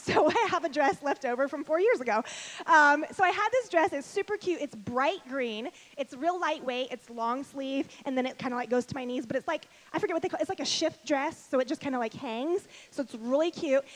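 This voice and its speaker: High-voiced fast-talking woman speaker. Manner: fast-talking, chatty and self-deprecating. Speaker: speaker at a women's event. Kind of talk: lively stage talk to an audience.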